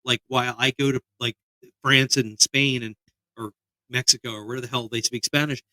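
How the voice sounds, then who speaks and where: A man from the area, hosting a casual podcast chat in a profane, rambling, animated way. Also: medium pitch, moderate pace, no room sound, low-quality recording. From Philadelphia area, US. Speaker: podcast host.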